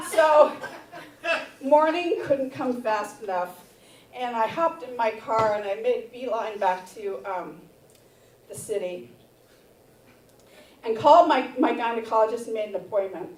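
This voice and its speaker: A woman's voice: fairly high pitch, a little slow, long pauses, far from the mic. A menopausal woman in her fifties doing stand-up, telling a candid personal story on a theater stage with the audience laughing. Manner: candid, builds to shouted reenactments. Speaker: stand-up comedian. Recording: roomy theater sound from afar.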